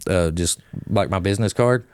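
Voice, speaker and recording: A man's voice: low voice, normal speed, a little mellow, clean tone. A man co-hosting a casual podcast, telling playful anecdotes with animation. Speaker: podcast co-host. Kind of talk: casual storytelling chat.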